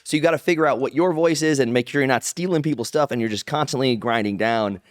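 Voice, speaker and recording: A man telling stories as an interview guest, animated and rambling, acting out other people's lines in his own voice. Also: medium pitch, fast, no room sound, clean studio sound. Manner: rambling with restarts and "like". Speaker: guest, pro wrestler. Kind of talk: casual interview storytelling.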